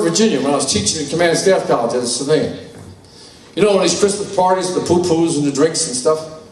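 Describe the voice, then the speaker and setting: A man's voice: fairly high pitch, distant mic. An older man giving a blunt, salty, folksy talk at a conference, telling personal stories. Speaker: conference speaker. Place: large conference hall. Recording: roomy hall, voice from afar.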